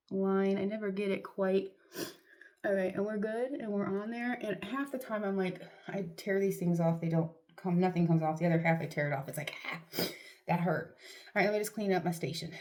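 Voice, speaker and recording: A woman's voice: mid-range voice, darkish tone. A middle-aged woman vlogging at home, chatting casually to camera with rambling, self-deprecating asides and a sniffly nose. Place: at home, doing a face mask.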